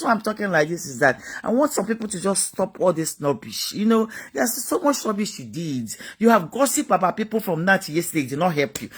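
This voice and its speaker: A woman's voice: mid-range voice, a bit bright. A woman giving a motivational talk, emphatic and repetitive, full of rhetorical questions. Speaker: motivational speaker.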